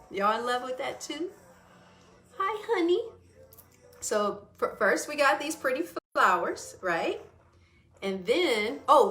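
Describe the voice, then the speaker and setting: A woman hosting a casual wellness livestream, talking loosely to her viewers and greeting them by name as she goes. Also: medium pitch. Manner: warm, chatty, greets viewers by name mid-talk.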